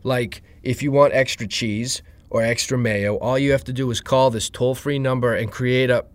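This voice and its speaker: A man reading a story, voicing a young saleswoman who stays upbeat and keeps pitching. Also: steady tone, normal speed, no room sound, natural voice. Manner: perky sales pitch, raised pitch.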